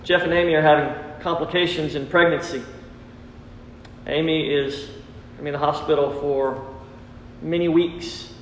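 A man's voice: on the high side, steady tone, a little slow, pauses often, a little hiss or hum. A man preaching a sermon as pastor to his congregation, earnest and repetitive, calling on listeners to respond. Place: church sanctuary. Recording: roomy hall reverb.

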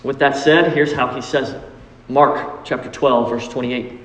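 A man's voice: mid-range voice, fairly even intonation, measured pace, a bit bright. Preaching man in an echoey hall. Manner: emphatic, rises for acted pleas. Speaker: pastor. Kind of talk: sermon. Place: church sanctuary. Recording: echoey hall with long reverb.

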